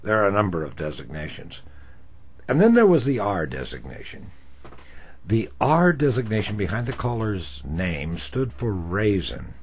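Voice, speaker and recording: An older man, a former radio talk host, telling a story in an animated, self-mocking way. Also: on the low side, normal speed, husky. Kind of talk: storytelling monologue.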